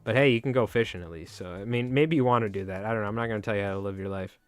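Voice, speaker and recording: A man's voice: lowish voice, rapid-fire, smooth, dry recording, soft background music. A man hosting a casual fly-tying livestream, rambling and joking with some swearing.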